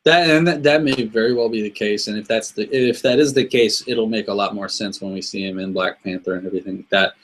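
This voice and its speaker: A man's voice: fairly low pitch, quick pace, hardly any pauses, a bit bright, low-quality recording. A man, the host's brother and guest, talking through a casual movie discussion with repeated phrases and restarts.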